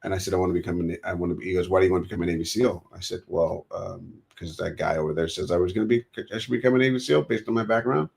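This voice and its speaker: A man's voice: deep voice, racing, gravelly, few pauses. An American man telling stories about his past in an interview, acting out the voices of the people he quotes. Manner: animated storyteller, acts out quoted dialogue. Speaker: guest. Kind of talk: storytelling interview.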